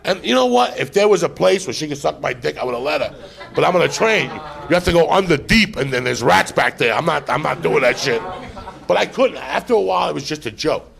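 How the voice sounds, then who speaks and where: A man hosting a live podcast, telling a profane comic story in an excitable way, acting out every line. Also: on the high side, a little fast, vocal fry. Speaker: podcast host.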